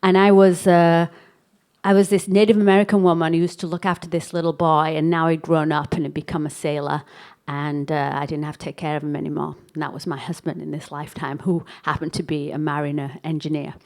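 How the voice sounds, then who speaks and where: A woman from England, telling a story to a live workshop audience in a chatty, animated way and acting out the dialogue. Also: low-pitched, a little fast. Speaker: workshop speaker.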